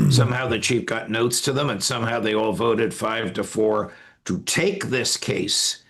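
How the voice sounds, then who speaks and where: An older man speaking as a legal commentator guest in an interview, measured with frequent pauses. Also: lowish voice, fairly bright tone. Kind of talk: interview conversation.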